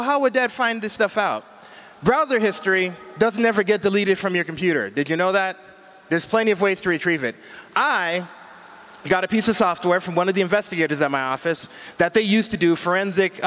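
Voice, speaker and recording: A man's voice: sits high, a bit bright, big-room sound. A middle-aged man giving a casual, joking talk on internet safety, full of slang. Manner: chatty, joking, uses slang. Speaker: speaker at a cyber safety talk.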